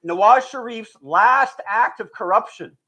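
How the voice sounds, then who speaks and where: Guy doing stand-up live, pretty high voice, super animated, laughs at his own bits, does little voices for people. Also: measured pace, creaky, noisy background. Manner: animated storytelling, acts out quoted voices, laughs at own jokes. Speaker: stand-up comedian. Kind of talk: stand-up comedy set. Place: live show before an audience.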